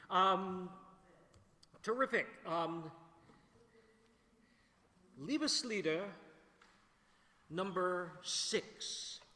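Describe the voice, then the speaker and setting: Slow-talking choir director in echoey hall. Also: male voice, high-pitched. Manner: relaxed, thinking aloud with many fillers. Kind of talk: rehearsal instruction. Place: large echoey rehearsal hall. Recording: echoey hall with long reverb, faint music.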